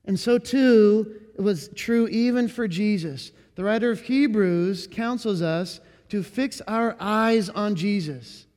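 A man delivers an earnest sermon as a pastor, his voice sitting high. He slows and presses on the words he wants to land. A long reverb from the hall trails behind him. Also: a little mellow. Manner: earnest preaching, slowing and rising on key words.

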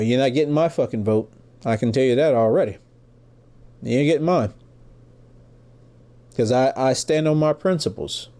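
A man's voice: medium pitch, dark tone. A middle-aged American man hosting a podcast, ranting angrily and with heavy profanity about politics. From United States. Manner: angry, profane, emphatic ranting. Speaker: podcast host. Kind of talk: political rant.

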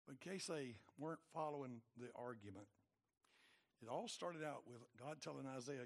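A man preaching a sermon in a colloquial, emphatic way, moving between quiet asides and loud exhortation. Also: mid-range voice, animated, normal speed.

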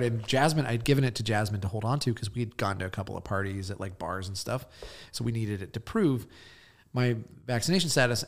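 A young man talking casually on a podcast, telling a long, rambling story. He swears freely and keeps circling back with fillers. His voice sits at an ordinary, mid-range pitch for a man. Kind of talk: casual chat.

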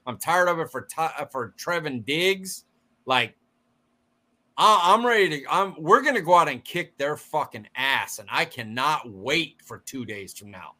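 A man co-hosting a sports podcast, fired up and blunt, mocking pundits in quick bursts. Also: fairly high pitch, lively intonation, bright, forceful tone. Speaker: podcast co-host. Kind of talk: casual sports chat.

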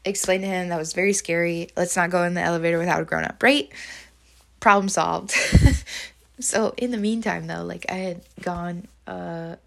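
Woman teacher, diary-style vlog; lowish pitch, lots of fry; rambling, emotional, open. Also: fairly even intonation, normal speed, a bit bright. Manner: rambling, full of fillers; emotional, confessional. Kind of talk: personal diary talk.

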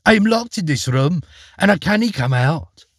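A man's voice: a little high, expressive, moderate pace, husky, no room sound, clean studio sound, voice pushed up. A man voicing a sweet, frightened young princess who pleads anxiously in a storybook reading. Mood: pleading. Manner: fearful, pleading.

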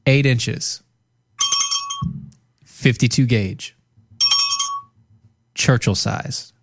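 A man co-hosting a casual podcast, teasing his partner and pitching products playfully. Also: drawn-out words, background noise. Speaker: co-host.

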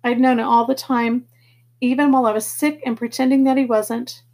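Breathy woman reading a novel aloud. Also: on the high side, brisk. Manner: plain, steady reading with small slips. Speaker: audiobook reader. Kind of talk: first-person novel narration.

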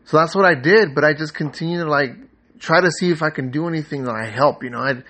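A man hosting a podcast, telling a personal faith story in an earnest, rambling way with many fillers and restarts, growing animated as he retells his own thoughts. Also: a little high, fast. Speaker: podcast host. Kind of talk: casual spiritual storytelling.

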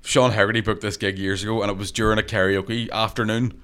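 A man's voice: on the low side, little pitch movement, fast talker, a bit bright, clear, resonant tone. A man, a stand-up comedian, telling profane stories in casual chat and laughing as he goes. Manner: profane, laughing through his own stories. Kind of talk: casual podcast storytelling.

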